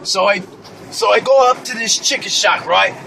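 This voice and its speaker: A man with a put-on British accent, improvising a rambling comedy story in character inside a car, stammering and deadpan. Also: high-pitched, normal speed, gravelly, background noise.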